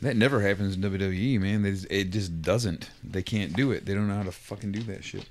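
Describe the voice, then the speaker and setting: A man co-hosting a wrestling podcast in casual chat, animated and blunt, swearing freely. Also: on the low side, a little fast. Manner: profane, animated, blunt opinions. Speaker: podcast co-host.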